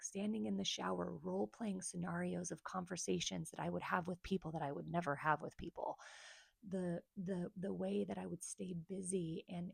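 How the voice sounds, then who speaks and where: Low, gravelly woman speaking candidly. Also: darkish tone, no echo. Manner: earnest, confiding, speaks straight to viewers. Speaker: therapist. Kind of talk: personal story vlog to camera.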